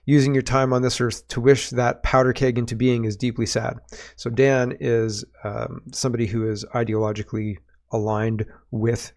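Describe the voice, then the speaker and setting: A man's voice: mid-range voice, level tone, moderate pace, darkish tone. A man hosting a political commentary podcast, reading posts aloud and reacting with sardonic, emphatic asides and rhetorical questions. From Canada.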